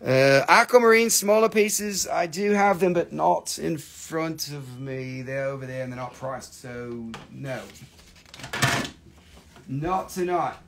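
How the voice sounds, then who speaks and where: Man, live sale host, gravelly, slightly high voice, joking hype, voice going hoarse. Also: slow pace. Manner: excitable, joking, swearing hype. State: losing his voice. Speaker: live stream seller. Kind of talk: live sales stream patter.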